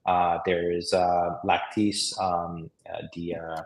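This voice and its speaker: Low, flat-voiced man in an echoey room. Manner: measured with many fillers. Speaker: realtor guest. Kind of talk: round table discussion.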